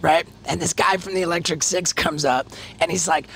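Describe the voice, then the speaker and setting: High, gravelly man telling wild stories. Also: normal speed, slight background noise. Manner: excitable, profane, laughs through his stories. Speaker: podcast host. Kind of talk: rowdy storytelling.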